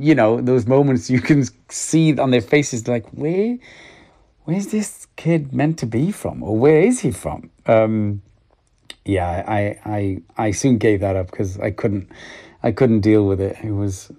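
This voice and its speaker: Halting Welsh actor, interview guest. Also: male voice, fairly low pitch. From Wales. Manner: halting, many restarts, soft laughs. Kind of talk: reflective interview answers.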